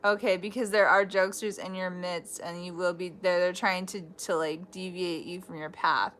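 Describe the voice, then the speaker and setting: A woman's voice: fairly low pitch, little pitch movement, normal speed, fairly bright tone, slight background noise. A woman giving a casual live tarot reading, chatty and blunt, swearing freely and breaking off into laughs. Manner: restarts and trailing thoughts. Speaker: tarot reader.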